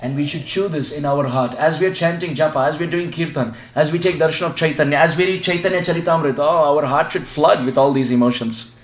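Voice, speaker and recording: A man's voice: on the high side, fast talker. A man giving a devotional sermon at a home gathering, asking the audience questions and leading them in repeating chants. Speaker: visiting spiritual teacher. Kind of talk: devotional sermon with call-and-response. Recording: echoey room sound.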